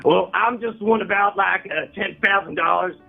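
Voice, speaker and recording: A man voicing a greedy male blackmailer who calls in to demand hush money, smug and threatening. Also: high-pitched, moderate pace, vocal fry, soft background music, pitched above the performer's own voice. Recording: tinny phone line.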